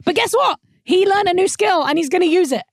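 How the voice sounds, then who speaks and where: A woman co-hosting a podcast, chatting with jokey enthusiasm and quoting characters. Her voice sits high. The recording is close and dry. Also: lively intonation, fairly quick, no room sound. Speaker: podcast co-host. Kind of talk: casual recap chat.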